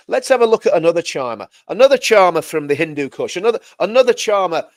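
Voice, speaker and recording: A man's voice: high voice, sing-song, quick pace, dry recording, studio quality. A middle-aged man hosting a livestream, ranting with sarcasm and indignation and often repeating his phrases. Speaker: livestream host.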